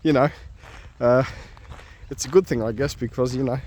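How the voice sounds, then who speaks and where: A man's voice: mid-range voice, normal speed, darkish tone. A man with an Australian accent chatting casually while walking his dog outdoors, rambling with fillers. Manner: easygoing, chatty, many fillers and asides. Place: outdoors on a nature walk.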